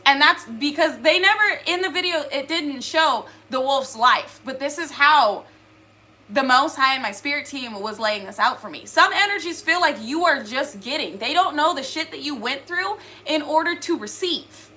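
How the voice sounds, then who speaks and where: A woman's voice: sits high, lively intonation, moderate pace, bright, forceful tone. A woman giving a casual spiritual reading to her viewers, earnest and rambling, with many filler words. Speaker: spiritual reader.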